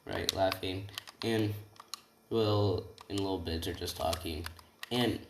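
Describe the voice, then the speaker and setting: A man's voice: low voice, steady tone, moderate pace, background noise. Rambling young man telling a story. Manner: rambling, frequent tag questions and self-corrections. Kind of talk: improvised fan-fiction retelling. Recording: roomy room, distant mic, keyboard typing.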